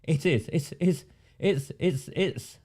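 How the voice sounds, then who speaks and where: An independent political commentator delivers a ranting monologue, his voice slightly high, slow and somewhat mellow with a breathy edge. He sounds sarcastic and indignant, repeating phrases to drive his points home.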